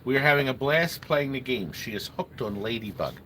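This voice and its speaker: A man's voice: medium pitch, lively intonation, brisk, fairly bright tone. Chatty middle-aged man hosting a livestream. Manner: rambling, chatty, talks to viewers by name. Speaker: livestream host selling arcade games. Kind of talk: casual livestream chat. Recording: noisy room ambience.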